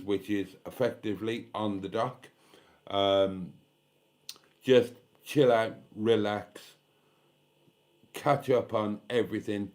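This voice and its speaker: This British vlogger, in his fifties, is worn out and a bit tipsy as he hosts a live stream, reading viewers' comments aloud in a chatty, self-mocking way with the odd swear. His voice is fairly low and darkish in tone.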